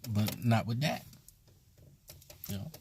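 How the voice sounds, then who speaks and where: A man's voice: fairly low pitch, slow, a little mellow, slight background noise. A man who teaches at a voodoo temple, talking bluntly and casually with emphatic repetition. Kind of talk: casual spoken commentary.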